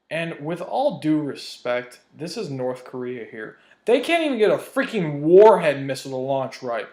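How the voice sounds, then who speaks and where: Man, vlog rant, heated, profane, slightly high voice, roomy echo. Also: darkish tone. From United States. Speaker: vlogger. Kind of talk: ranting vlog commentary.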